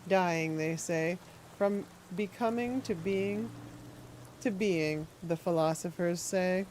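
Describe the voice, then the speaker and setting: An unsettling old man creeping through his lines in a slow, syrupy voice, as a woman reads him from a game. His pitch sits on the low side, and his menace stays quiet and patient. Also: a little hiss or hum. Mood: menacing. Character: creepy older man, unsettling self-appointed guardian. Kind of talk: reading game dialogue aloud.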